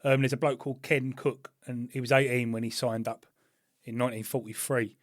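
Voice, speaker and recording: A man's voice: mid-range voice, little pitch movement, brisk, no echo, studio quality. A man from England, co-hosting a podcast in laid-back banter. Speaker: podcast co-host. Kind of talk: casual chat.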